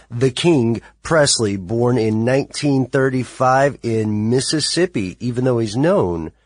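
A man's voice: medium pitch, no echo. A man co-hosting a casual podcast, bantering in a jokey, upbeat way. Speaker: podcast co-host.

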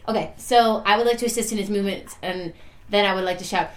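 A woman playing in a tabletop game, animated and giggly, often shouting her character's lines. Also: medium pitch, fast. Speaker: player.

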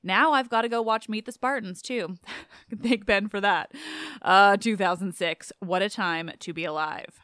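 A woman hosting a podcast in casual chat, talkative and quick to laugh, saying "like" a lot. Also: mid-range voice, fairly bright tone, smooth, no room sound, studio quality. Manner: chatty, laughs often, says like a lot. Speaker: podcast host. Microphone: home podcast microphone.

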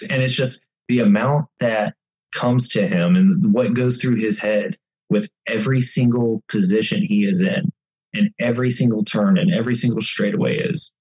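A man with a very low, husky voice tells bike racing stories in a casual, animated way. The sound is slightly dull and muffled. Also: moderate pace. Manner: animated, acts out race chatter. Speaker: bike racing guest commentator. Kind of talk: casual storytelling.

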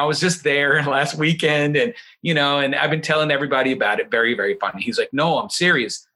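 A middle-aged man telling a story in casual chat, acting out the voices of the people he quotes. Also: on the high side. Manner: animated, acts out quoted voices.

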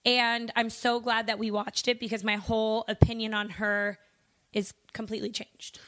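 A woman co-hosting a casual podcast chat, animated and exclamatory, laughing often. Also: on the high side, normal speed. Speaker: podcast co-host.

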